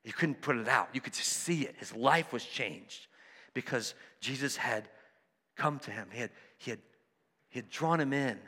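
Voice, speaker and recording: A man preaching a sermon, conversational and animated, acting out the voices of people in his stories. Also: medium pitch, moderate pace, big-room sound. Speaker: pastor.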